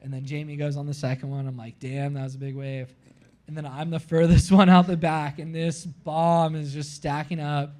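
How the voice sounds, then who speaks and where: Casting note: man from Florida, somewhat higher voice, animated live-podcast storyteller, says "like" constantly. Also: normal speed, hardly any pauses. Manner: animated, heavy use of "like", acts out his own quotes. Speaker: podcast guest.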